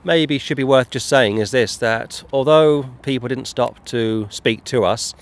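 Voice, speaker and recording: Street preacher guy, casual chat, measured and a bit wry. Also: medium pitch.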